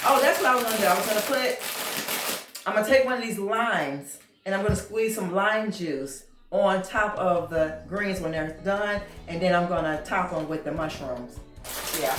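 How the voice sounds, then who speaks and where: Chatty woman vlogging in an echoey kitchen. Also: medium pitch. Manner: chatty, addresses viewers as y'all. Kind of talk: casual home vlog chat. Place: home kitchen, indoors. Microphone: handheld phone camera.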